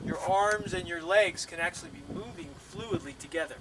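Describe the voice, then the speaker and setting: A man guiding a stretching routine step by step, calm and instructive, a little out of breath. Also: high voice, normal speed, gravelly, recorded from a distance, a crowd in the background, rough recording. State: slightly out of breath. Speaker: bodywork instructor.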